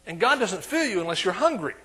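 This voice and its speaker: A man with an East Texas accent preaching a sermon in a church, calling for amens and swinging between quiet asides and loud emphasis. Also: high-pitched, big pitch swings, fast, breathy edge.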